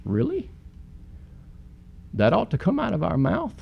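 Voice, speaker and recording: A man's voice: on the high side, huge pitch swings, slow pace, creaky, slightly rough, highs cut off. A man preaching a sermon in an earnest way, with sudden emphatic peaks.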